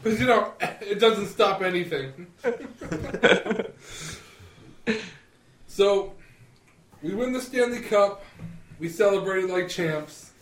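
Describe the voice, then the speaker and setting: Casting: high-pitched man, casual joker, laughs a lot, sounds off mic in an echoey room. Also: slow pace, pauses often, distant mic. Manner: joking, laughs often. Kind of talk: casual chat.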